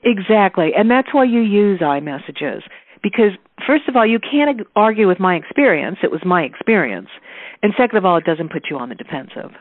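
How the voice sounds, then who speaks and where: A woman's voice: medium pitch, a little fast, no echo. Woman coach on a tinny phone line. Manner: animated, acts out example phrases. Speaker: executive coach and author, interview guest. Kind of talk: phone interview answers.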